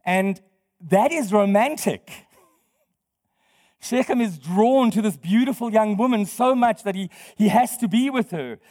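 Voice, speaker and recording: High-pitched guy preaching, chatty, keeps asking the crowd questions and laughing, big echoey church hall. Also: measured pace, a little mellow. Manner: conversational, quizzes the congregation, laughs often. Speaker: pastor. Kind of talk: sermon. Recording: long hall reverb.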